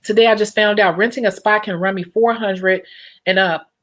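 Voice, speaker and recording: Speaking at a normal speed in a mid-range, fairly bright voice, this young woman keeps her intonation fairly even. She works as a nail technician and talks casually with her vlog viewers, animated and quick to laugh.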